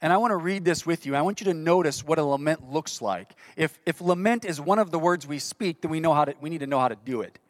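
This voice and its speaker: A man's voice: a little high, quick pace, few pauses, dry recording. Earnest male preacher, dry sound. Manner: earnest, reads scripture with rising intensity. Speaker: pastor. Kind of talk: sermon.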